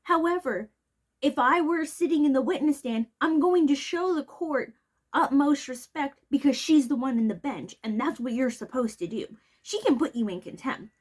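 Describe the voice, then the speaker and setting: Woman ranting casually about a trial, kinda high voice, blunt, lots of ums and likes. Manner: blunt, opinionated, chatty with fillers. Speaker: trial recap commentator. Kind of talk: casual spoken commentary.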